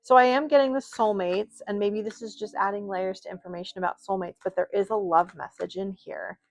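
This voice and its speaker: Chatty woman with a creaky voice. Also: medium pitch, fairly even intonation, fairly quick. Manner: chatty, rambling, with many fillers and asides. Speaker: tarot reader. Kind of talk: casual spoken tarot reading.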